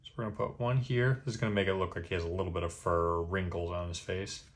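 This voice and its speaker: A man with a fairly low voice walks the viewer through a drawing tutorial one line at a time. He stays patient and relaxed, often pausing to ask "okay?" before moving on. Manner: patient, checks in with "okay?" after each step. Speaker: drawing instructor.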